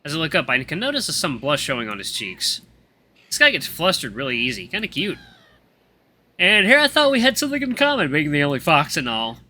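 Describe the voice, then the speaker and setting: A man's voice: on the high side, huge pitch swings, brisk, bright, forceful tone. A man hosting a gaming channel, reading a visual novel aloud with playful asides.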